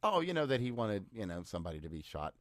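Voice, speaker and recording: A man's voice: on the low side, sing-song, quick pace, a crowd in the background. A man co-hosting a podcast, giving news commentary in a dry, sarcastic way with mock-cheerful asides. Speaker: podcast co-host.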